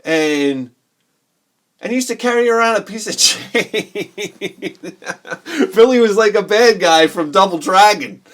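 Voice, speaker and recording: A man in his forties with a high, bright voice spins rambling childhood stories in a casual vlog. He gets excitable, laughs often, and jumps into the voices of the people he remembers. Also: a little slow. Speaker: video game collector vlogger. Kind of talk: casual storytelling while showing games.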